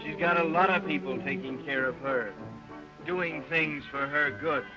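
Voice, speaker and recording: A man's voice: a little high, normal speed, natural voice. An actor as a bitter, half-drunk young man. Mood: tender. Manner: sardonic, mocking speeches. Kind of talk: early sound-film acting. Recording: dull early talkie sound with music.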